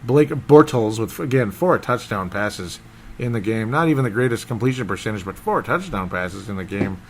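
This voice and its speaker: A man hosting a casual football recap podcast, rambling and excitable, often losing his train of thought. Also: fairly low pitch, normal speed, slight background noise. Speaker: sports podcast host.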